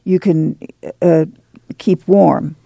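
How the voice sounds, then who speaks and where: A man's voice: on the high side, fairly even intonation, extremely slow, vocal fry, warm tone, breathy edge, no room sound, dull audio, heavily acted. A man voicing a weary, determined farm mother who gives firm orders in plain rural dialect. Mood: firm, urging.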